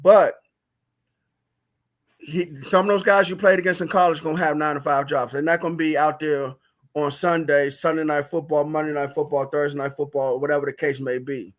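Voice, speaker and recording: A man's voice: on the high side, fairly even intonation, fairly quick. Emphatic man making a sports point. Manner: emphatic, lecturing, repeats points for stress. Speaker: podcast co-host. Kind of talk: casual sports chat.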